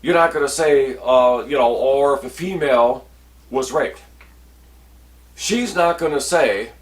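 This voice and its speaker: A man's voice: mid-range voice, unhurried, long pauses. An older man rants in a casual, blunt way, swearing freely and acting out the lines of the people he dealt with. His voice sits in a middle register. He sounds a little distant from the microphone. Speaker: veteran vlogger. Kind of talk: casual storytelling rant. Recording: voice a bit distant from the mic.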